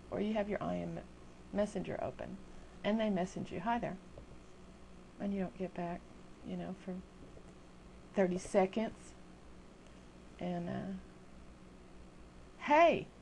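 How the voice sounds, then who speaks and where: Her voice is medium-pitched, creaky, and mellow, with slight background noise. She's an older woman at home, venting to her webcam as a video blogger, chatty and exasperated while poking fun at herself.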